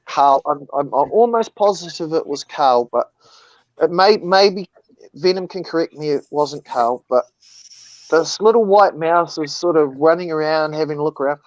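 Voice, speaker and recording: A man's voice: on the high side, normal speed, no room sound, dull audio. A man rambling through a funny story in casual chat, swearing as he goes.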